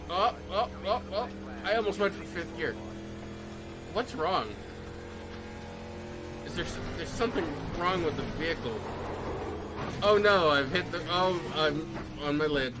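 A man streaming a racing sim, talking to himself in an excitable, jokey way, swearing and breaking into high squeals. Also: slow pace, gravelly, pauses often. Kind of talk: live game commentary. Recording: game music and engine noise behind.

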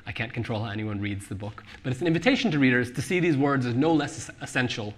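A man talking about his novel on stage at a live book event, animated and quick to laugh, with many restarts. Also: mid-range voice. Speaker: author discussing his novel. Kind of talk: live onstage book talk. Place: live event venue with audience.

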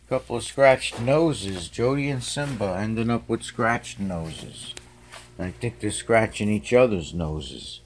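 Guy rambling slow to his camera at home, kinda crude, faint hiss. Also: on the low side. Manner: rambling, coarse, chatty. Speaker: cat owner filming his pets. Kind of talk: casual home video chat. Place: his home, indoors, early morning.

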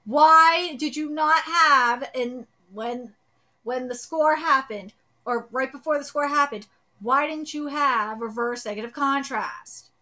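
A woman in her thirties streams a live manga reaction. Her voice sits high and sharp, and she rants with excitement and frustration, swearing freely. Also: slow pace, highs cut off.

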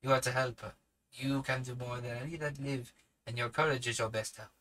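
A man voicing a grave, commanding elderly professor in a hushed, measured tone. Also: mid-range voice, flat delivery, lightly acted, rough recording. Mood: grave, kindly.

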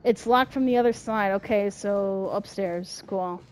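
A woman's voice: medium pitch, a little slow, darkish tone. A young woman commenting on a horror game, swearing a lot and talking to the game as she plays. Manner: swearing, jumpy, talks to the game. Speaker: gamer.

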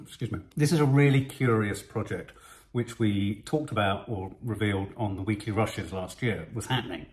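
A man's voice: on the low side, moderate pace. A middle-aged man co-hosting a film reaction show, musing in casual chat. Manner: chatty, musing, lively delivery. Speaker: co-host of film reaction channel.

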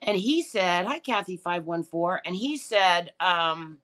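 A middle-aged woman talks to her live chat in a rambling, emotional way, tearful and swearing freely. Her voice is bright and very lively in pitch, leaping high when she gets worked up. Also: unhurried. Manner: rambling, emotional, profane ranting. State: tearful and upset. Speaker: livestream host reading chat. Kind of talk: casual live-stream chat.

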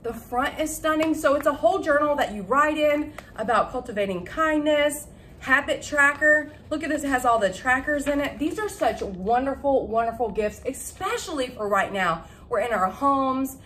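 A woman's voice: high voice, normal speed, slight background noise. Chatty woman showing a haul. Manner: chatty and excitable, laughs at her own word slips. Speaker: vlogger showing a shopping haul. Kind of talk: casual chat to camera. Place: at home.

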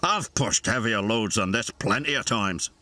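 A man's voice: on the low side, animated, measured pace, sharp tone, no echo. A man with a British accent voicing a boastful, impatient young male engine in a storybook. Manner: cocky, huffing.

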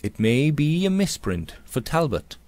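A man reading aloud, voicing a young gentleman who speaks quietly and soothingly to a distressed friend. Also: a little high, big pitch swings, measured pace, no room sound, voice pushed up. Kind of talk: audiobook character reading.

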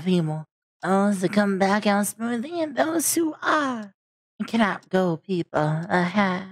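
Woman voicing a stilted game narrator, ominous, slow, dry close sound. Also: medium pitch, no echo.

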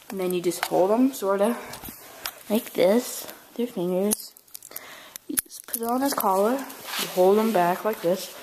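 A woman's voice: medium pitch, unhurried, long pauses. A woman narrating a casual how-to video while walking her dog, chatting and giving it commands. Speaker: vlogger showing dog walking. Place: at home and outdoors on a walk. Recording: noisy home video.

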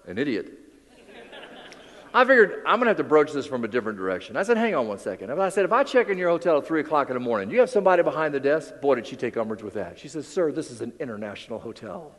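A man giving a motivational keynote on stage, telling stories with acted-out voices and dropping low and quiet for emphasis. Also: very animated, fast talker, long reverb tail. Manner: theatrical storytelling, acts out quoted voices, drops low and quiet for emphasis. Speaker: keynote speaker. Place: large hall with audience.

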